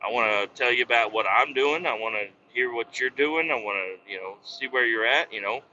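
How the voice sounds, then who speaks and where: A man's voice: mid-range voice, brisk, pushed and bright, lo-fi sound, slight background noise. A man in his thirties hosting a podcast, rambling in a jokey, profane monologue. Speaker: podcast host.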